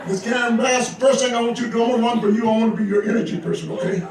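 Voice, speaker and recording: A man's voice: very high-pitched, very fast, very noisy. An older man from Georgia doing teasing, playful stand-up comedy, chuckling at his own jokes, filmed on a phone from the audience of a large comedy club. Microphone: phone camera from the audience. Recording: echoey club from far off, loud crowd. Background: audience laughter.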